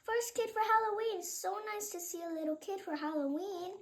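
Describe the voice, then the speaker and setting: A woman's voice: extremely high pitch, normal speed, pitched above the performer's own voice. A woman voicing a cheerful lady welcoming a child in a read-aloud storybook. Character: friendly lady greeting trick-or-treaters.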